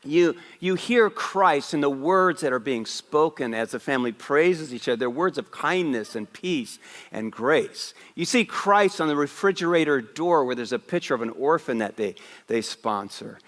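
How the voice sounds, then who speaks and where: A man preaching a Christmas Eve sermon as a pastor, telling a lively personal story with asides. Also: fairly high pitch, normal speed, long reverb tail. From West Africa. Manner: animated storyteller, raising his voice for punchlines. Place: church sanctuary.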